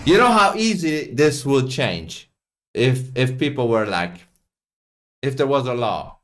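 A man's voice: fairly low pitch, fairly bright tone. A man hosting a reaction video, commenting casually in a profane, mocking way and laughing often.

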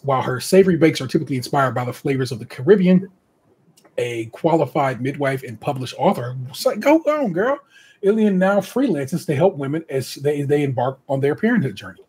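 Raspy-voiced American man hosting a podcast. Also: medium pitch. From United States. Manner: chatty and animated, laughs often, many asides. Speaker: podcast host. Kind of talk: casual chat, reading contestant bios aloud.

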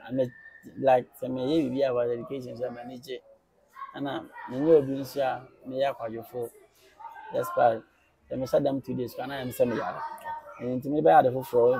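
A man in his thirties from Ghana, a teacher answering interview questions in a calm, reflective way, mixing local language with English. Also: medium pitch, gravelly. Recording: crowd noise behind.

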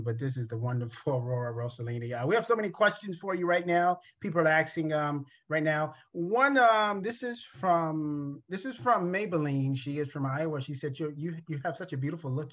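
A man's voice: a little high, fairly quick, few pauses, fairly bright tone. A man hosting a talk show, enthusiastically greeting his guest and reading out viewer questions. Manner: enthusiastic, complimentary, hesitant fillers. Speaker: host.

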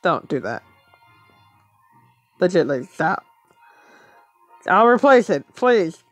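A woman's voice: fairly low pitch, very animated, slow pace, a bit bright, dry recording, faint music behind. A woman thinking aloud as she plays a mobile game, muttering to herself and laughing often in casual commentary.

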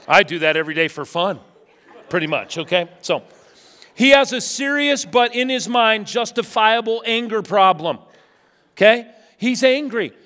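Middle-aged male pastor, high-pitched and animated, sermon in a church with long reverb. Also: normal speed, a faint crowd. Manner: animated storytelling, acts out quotes. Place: church sanctuary.

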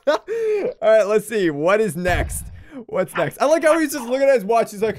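A man's voice: sits high, normal speed, slight background noise. A man hosting a gaming video, giving casual let's-play commentary and exclaiming in surprise. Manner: excitable, laughs often, exclaims in surprise.

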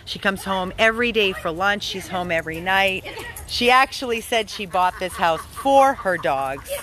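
A woman dog rescuer narrating a vlog outdoors in a yard on a handheld phone camera, enthusiastic and rambling in quick bursts. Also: medium pitch, expressive, a bit bright.

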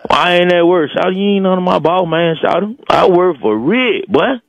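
A man's voice: high-pitched, animated, moderate pace, gravelly, dry recording, lo-fi sound. An actor playing a slick male street hustler calling in to a radio comedy show, rambling in slang and calling everyone "shawty" and "boy.". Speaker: radio show regular on the phone.

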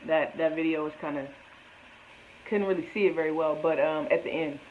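A man's voice: fairly high pitch, steady tone, brisk. A man hosting a video reaction channel, talking in a laid-back, slangy, upbeat way to his viewers. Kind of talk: casual reaction commentary. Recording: tinny phone-like mic, faint hiss.

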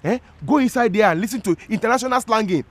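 An actor playing an excitable restaurant owner who pleads with his customers in a sitcom. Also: high-pitched, fast. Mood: scolding. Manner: pleading, excitable, Nigerian English with "eh?". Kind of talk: sitcom acting.

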